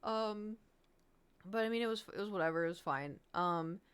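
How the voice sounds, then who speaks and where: Animated young woman with a smooth voice. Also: mid-range voice, moderate pace. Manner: animated storytelling, acting out quotes, giggly and self-conscious. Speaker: streamer. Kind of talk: casual chat to stream viewers. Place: at home.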